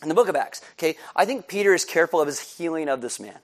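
A man with a notably high speaking voice preaches to his congregation. He delivers the sermon with energy and acts out the people in the story with voices. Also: quick pace. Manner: animated, acts out scenes with voices. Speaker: pastor.

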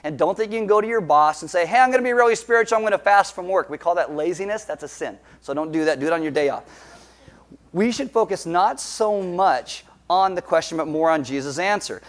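Guy preaching, kinda high voice, cracks jokes mid-sermon, lively. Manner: jokey, animated storytelling with quick asides. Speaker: pastor.

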